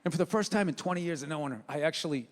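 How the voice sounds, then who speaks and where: A middle-aged man doing a profane stand-up routine, ranting and shouting bits to a live audience. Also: fairly high pitch, racing. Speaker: stand-up comedian. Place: stage before a live audience. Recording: live venue with long reverb, light crowd noise.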